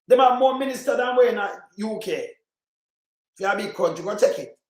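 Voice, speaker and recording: Jamaican guy ranting hard, high voice, echoey room. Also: fast talker, darkish tone. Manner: heated, ranting, mixes patois. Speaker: commentator. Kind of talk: political commentary.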